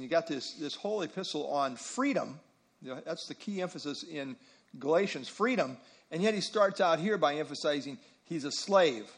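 A man's voice: a little high, husky. A man teaching a Bible study group, emphatic and repeating phrases for stress.

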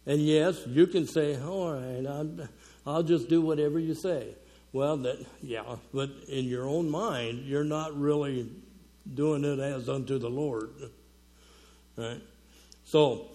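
Mellow-voiced man giving a chatty sermon. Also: mid-range voice. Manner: folksy, chatty preaching with fillers and chuckles. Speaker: conference speaker. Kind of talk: conversational sermon.

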